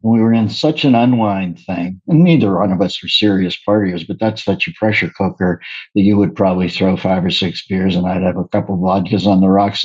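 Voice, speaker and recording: A man, a comedian guest, telling stories in casual chat, talking fast, wordy and profane. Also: low-pitched, darkish tone, slightly rough, dull audio.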